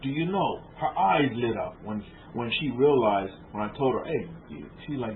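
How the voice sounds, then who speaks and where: A rabbi delivers a conversational sermon to a small group of about twelve in a room, speaking informally, asking listeners rhetorical questions and repeating words. His voice is medium-pitched, expressive and gravelly, at a moderate pace with hardly any pauses. The recording is tinny and phone-like, lo-fi with faint noise.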